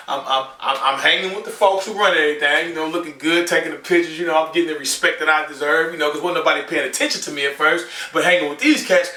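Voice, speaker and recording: A man doing a stand-up comedy set, telling slangy, profane stories and squealing loudly when he acts out scenes. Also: a little high. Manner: loud squealing voices when acting out scenes. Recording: roomy live venue, distant from mic.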